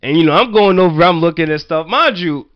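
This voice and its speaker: A man from Virginia telling childhood stories in casual chat, loose and profane, full of "like" and quick laughs. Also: on the high side, lively intonation, dry recording, dull audio. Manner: loose, profane, laughing anecdotes with many "like" fillers. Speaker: storyteller.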